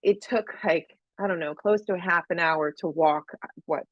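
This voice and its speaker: A woman's voice: lowish voice, moderate pace, dry recording. A woman guest on a podcast, telling a personal story earnestly and repeating phrases for emphasis. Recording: dull, lo-fi, dry sound.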